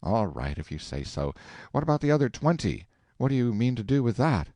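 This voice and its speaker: A man doing an eager, excitable husband. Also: mid-range voice, a little fast, no echo, studio quality, pitched above the performer's own voice, close to an everyday voice. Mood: impatient. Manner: eager and impatient, folksy exclamations. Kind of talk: audiobook character voice.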